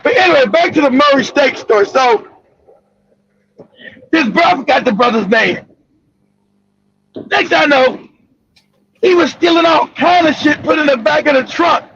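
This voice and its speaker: A man with a very high, gravelly voice tells a profane story loudly and casually, often breaking into laughs. The recording sounds dull and lo-fi with faint noise behind. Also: measured pace, pauses often. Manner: loud, laughing, profane, animated. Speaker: streamer telling a story.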